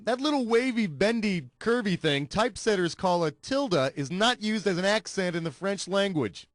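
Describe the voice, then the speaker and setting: A snarky, high-voiced trivia host. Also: male voice, animated, no room sound, clean studio sound. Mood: wisecracking. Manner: snarky, jokey, quick asides. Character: wisecracking sarcastic male trivia game show host. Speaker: game show host. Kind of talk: scripted video game hosting. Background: game music.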